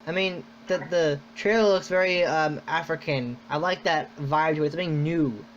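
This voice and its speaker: A man hosting a podcast in casual chat, rambling and excitable, full of "like". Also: a little high, moderate pace, slight background noise. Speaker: podcast host. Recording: dull lo-fi sound.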